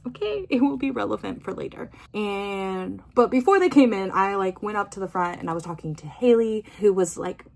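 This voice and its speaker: Young woman vlogger, relaxed mid-pitch, rambly and chatty, lots of fillers. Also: moderate pace, vocal fry, hardly any pauses. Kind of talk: casual chat.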